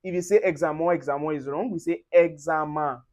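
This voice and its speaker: Man teaching, slow and careful. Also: a little high, warm tone. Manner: slow, careful repetition of example words. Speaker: French tutor. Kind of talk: pronunciation lesson.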